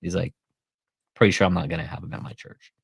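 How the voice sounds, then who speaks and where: A man's voice: sits low, little pitch movement, fast talker, vocal fry, husky, no echo, clean studio sound. A man hosting a casual commentary show, swearing freely and retelling a phone call by acting out both sides of the dialogue. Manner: profane, retells phone calls with quoted dialogue. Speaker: commentary channel host.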